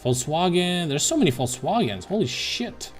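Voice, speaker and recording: A man's voice: on the high side, big pitch swings, moderate pace, soft background music. A man casually thinking aloud as a streamer, slangy and profane, with sudden exclamations. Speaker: streamer browsing car listings. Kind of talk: casual live commentary.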